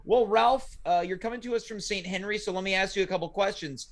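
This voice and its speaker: Male call-in host with a high voice; dry, bemused comic interviewer. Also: fast talker. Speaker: talk show host. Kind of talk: comedic live call-in show.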